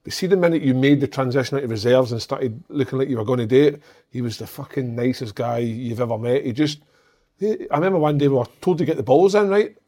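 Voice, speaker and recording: Fast-talking ex-footballer. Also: male voice, medium pitch. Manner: swears freely, animated storyteller. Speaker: former footballer guest. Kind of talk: casual storytelling chat.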